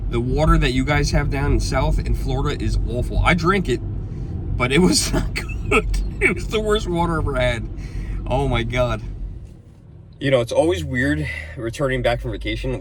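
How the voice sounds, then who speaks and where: A man's voice: medium pitch, noisy background. A man talking casually to camera in a rambling, chatty way, often chuckling between stories. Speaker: vlogger.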